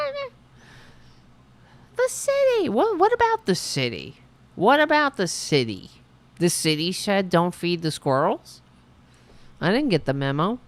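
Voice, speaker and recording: A woman hosting a livestream show, telling stories in a sarcastic, animated way with casual profanity. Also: on the low side, gravelly. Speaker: show host.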